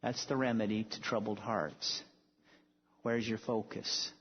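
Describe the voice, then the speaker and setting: In a lowish, husky voice with little pitch movement, a male preacher delivers a sermon a little slowly. His storytelling is emphatic and rises to bold declarations, and the sound is dull and lo-fi, echoing in a hall.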